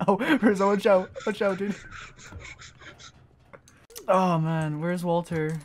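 A woman's voice: on the low side, slow, long pauses, soft background music. A woman giving casual, playful gameplay commentary as a streamer, who keeps breaking into giggles. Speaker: gaming streamer.

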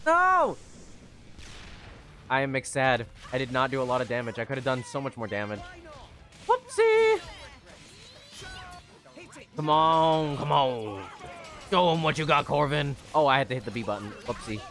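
A young man streaming live gameplay, talking excitably to his viewers, swearing often and yelling at the game. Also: medium pitch, a little fast, faint music behind.

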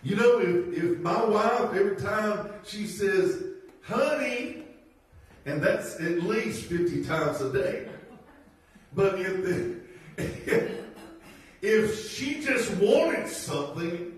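A man's voice: high-pitched, animated, slow pace. A man preaching a sermon as pastor, folksy and given to laughing asides and rhetorical questions. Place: church sanctuary. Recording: very echoey church from far off.

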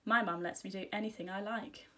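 A woman's voice: mid-range voice, fairly even intonation, a little fast, a bit bright, close to an everyday voice. A bossy know-it-all schoolgirl from a storybook, as a woman reading aloud puts her on. She tells her friends what to do in a pushy, confident way.

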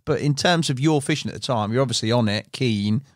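A man's voice: medium pitch, a little fast, dry recording, clean studio sound. A man hosting a fishing podcast, chatting casually with his guest and chipping in short replies. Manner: matey, brief backchannel replies. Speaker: podcast host. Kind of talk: casual interview chat.

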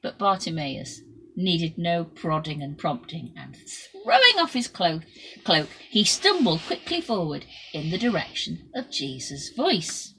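Lively, slow-paced woman telling a story. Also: on the low side, a little hiss or hum, rough recording. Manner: slow, expressive, with swings between loud and soft. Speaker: leader telling a Bible story to children. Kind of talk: storytelling to children.

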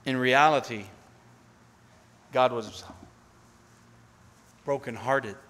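A man's voice: medium pitch, extremely slow. Earnest preaching man in a reverberant hall. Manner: earnest preaching that swells to pleading and drops to near-hushed tones. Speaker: pastor. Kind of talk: sermon. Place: church sanctuary.

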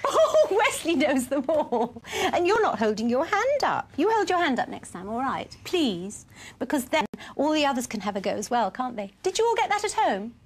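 A woman hosting a children's programme, her fairly high voice swooping up and down as she coaxes and praises little ones. She talks in a bright, playful, teacherly way, gently urging the children to join in. A faint noise sits behind her voice. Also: big pitch swings, moderate pace. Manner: bright, encouraging, sing-song teacher talk to small children. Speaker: children's TV presenter. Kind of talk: children's television presenting.

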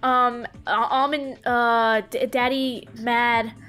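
A young adult woman giving let's-play commentary, loud, excitable and swearing in exasperation. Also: fairly high pitch, slow pace. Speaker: gamer.

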